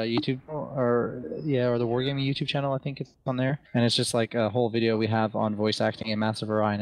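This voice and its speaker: A British man talks at a fast clip as a podcast guest. His voice is mid-pitched, and he rambles along in an easy, self-deprecating way. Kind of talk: casual podcast chat.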